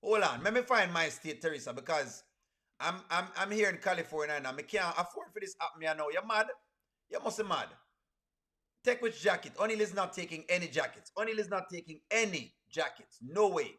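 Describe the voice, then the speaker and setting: A man, reacting live to a video for his stream chat, animated and repeating his exclamations again and again. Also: on the high side, fairly quick.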